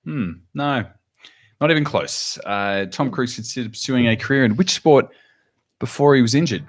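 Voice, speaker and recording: A man's voice: mid-range voice, moderate pace. An Australian man hosting a casual podcast chat, joking and reading out listener comments. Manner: jokey, chatty, reads viewer comments aloud. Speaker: podcast host. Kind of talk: casual live-stream chat.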